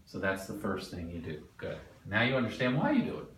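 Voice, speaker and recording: A man giving a classroom lecture, animated and quizzing the class as he explains. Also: lowish voice, brisk, a little hiss or hum. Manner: animated, asks the class questions. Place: lecture room. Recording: echoey room, mic at a distance.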